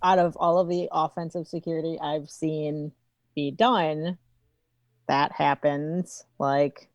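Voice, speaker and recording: A woman co-hosts a podcast and chimes in with skeptical remarks. Her voice sits fairly low for a woman, and the recording is dry with no room echo. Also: fairly even intonation, slow pace. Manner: skeptical interjections. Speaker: podcast co-host. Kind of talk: casual chat.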